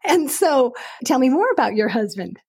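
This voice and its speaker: Woman podcast host, high voice, very expressive pitch, short reactions. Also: moderate pace, gravelly, breathy edge. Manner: short reactive interjections while listening. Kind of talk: interview.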